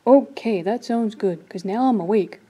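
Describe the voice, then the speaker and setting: A woman voicing a grumpy male bear just woken from his sleep, talking loudly and whinily. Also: mid-range voice, moderate pace, lightly acted. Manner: loud, whiny complaining.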